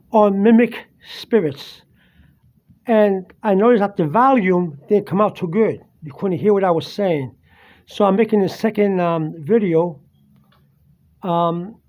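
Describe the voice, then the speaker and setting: High-voiced man telling a spooky experience. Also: darkish tone. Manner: halting, many fillers and restarts, earnest. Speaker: vlogger. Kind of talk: casual first-person storytelling. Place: home dining room, seated at a table. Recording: dull lo-fi home recording.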